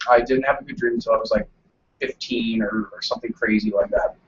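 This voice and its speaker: A man's voice: mid-range voice, fairly even intonation, fast talker, recorded from a distance. A man telling stories and teasing his friends on a casual live stream. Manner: joking, storytelling, teasing. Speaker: show regular. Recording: lo-fi audio, voice off-mic.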